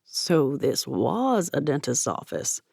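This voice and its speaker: A polite young groom speaks slowly, with a lowered, gravelly voice, as a woman narrator puts him on. He is modest and low-key, in a storybook reading, recorded dry. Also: huge pitch swings, a little mellow, dry recording, exaggerated voice.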